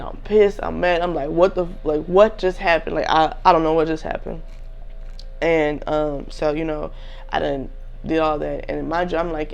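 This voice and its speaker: Gravelly young woman telling a story. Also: low voice. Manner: candid, slangy, addresses viewers as y'all. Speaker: vlogger telling a personal story. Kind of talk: casual storytelling to camera.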